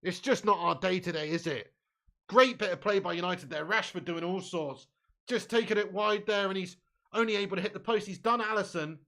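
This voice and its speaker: A high-pitched man hosting a live match watch-along, his tone sharp and bright. He curses freely and lurches between muttered grumbles and loud, excited shouts. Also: fairly quick. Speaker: fan watch-along host.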